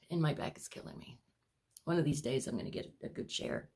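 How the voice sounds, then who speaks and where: This woman's deep, darkish voice moves at normal speed. Chatting casually to camera from home as she shows her paintings, she's out of breath, rambling, and keeps apologizing to viewers.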